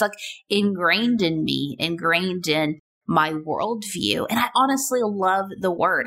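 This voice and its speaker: A woman's voice: lowish voice, gravelly, fairly bright tone. A woman in her thirties hosting a casual solo podcast, chatty and playful, full of rhetorical questions. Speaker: podcast host.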